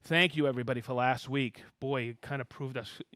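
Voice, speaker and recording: A man hosting a live tool demonstration stream, talking excitably, laughing often and calling out to the room as he reads viewer shout-outs. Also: medium pitch, fairly quick, no echo.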